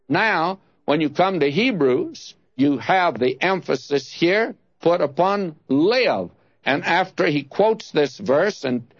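A man teaching verse by verse through scripture, reading passages slowly and measuredly. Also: on the high side, no room sound. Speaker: Bible teacher. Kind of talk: expository Bible teaching. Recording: dull lo-fi dry recording.

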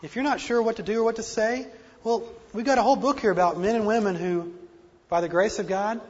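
A man's voice: high voice, fairly quick, a little mellow, breathy edge. A man preaching a sermon with earnest, self-deprecating emphasis and a slight speech impediment. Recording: dull lo-fi recording in a reverberant hall.

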